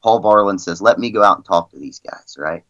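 A man's voice: lowish voice, brisk, a bit bright, no room sound, muffled recording. A man guest on a podcast, telling stories in a rambling, casual way with lots of "you know" and "I mean". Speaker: guest, league president. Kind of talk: casual storytelling in a podcast interview.

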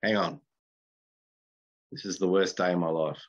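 A man co-hosting a comedy podcast, chatting casually in a blunt, crude, deadpan way. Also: low-pitched, fast talker, dull audio. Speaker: podcast co-host.

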